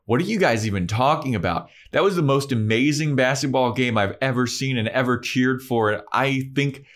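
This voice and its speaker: A man voicing an excitable teenage girl who gushes breathlessly while he retells a scene. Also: medium pitch, moderate pace, voice pushed up, close to an everyday voice. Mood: gushing.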